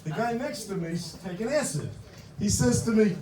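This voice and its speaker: A man's voice: sits high, lively intonation, moderate pace, mellow. An older man doing a punchy, conversational stand-up comedy routine on a club stage. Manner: punchy, conversational joke delivery. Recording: roomy hall, mic from far.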